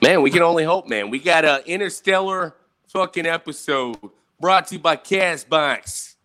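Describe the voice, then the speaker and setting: A man hosting a podcast in casual, profane, excitable chat. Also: a little high, normal speed. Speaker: podcast host.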